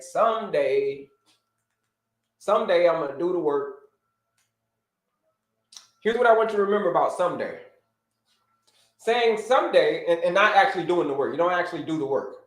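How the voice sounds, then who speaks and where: A man hosting a live health-coaching stream, talking to viewers in an animated, repetitive, preacher-like cadence. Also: high-pitched, roomy sound.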